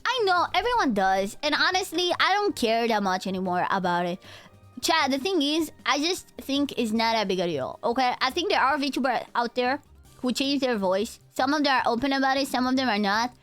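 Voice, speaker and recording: A young woman in her twenties with a fairly high, nasal voice, chatting loosely with her stream audience. She talks straight to her chat, sliding between a tired, laid-back tone and bursts of energy. Faint music plays under her speech. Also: sing-song, fairly quick, fairly bright tone. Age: 20s. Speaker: VTuber streamer. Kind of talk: casual live-stream chat.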